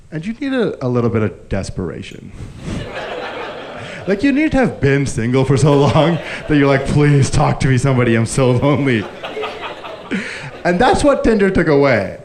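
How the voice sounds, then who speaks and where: Animated man doing stand-up. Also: fairly high pitch, normal speed, a crowd in the background. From grew up Indian. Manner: animated storytelling, acting out characters. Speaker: stand-up comedian. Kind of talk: live stand-up set. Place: live comedy stage with audience. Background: audience laughter.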